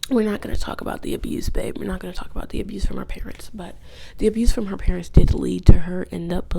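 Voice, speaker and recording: A woman's voice: mid-range voice, fairly even intonation, fast talker, creaky, mellow, a little hiss or hum. A woman vlogger giving a casual, rambling, profane recap, often dropping into whispered asides. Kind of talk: casual video essay recap.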